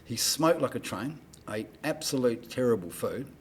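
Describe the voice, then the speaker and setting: An older Australian man spinning a yarn on a podcast, his voice sitting at an ordinary middle pitch. He tells his stories with relish, leaping up loud whenever he acts out what was said. A faint hiss sits under him. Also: moderate pace. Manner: animated anecdote-teller, acts out dialogue in raised voice. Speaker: guest, entertainment promoter. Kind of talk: casual storytelling on a podcast.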